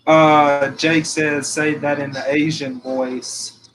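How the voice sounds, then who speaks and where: Slow-talking, laughing livestream host, a man. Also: a little high, level tone, fairly bright tone, a little hiss or hum, low-quality recording. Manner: laughs often, repeats himself while telling a joke. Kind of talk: casual livestream chat.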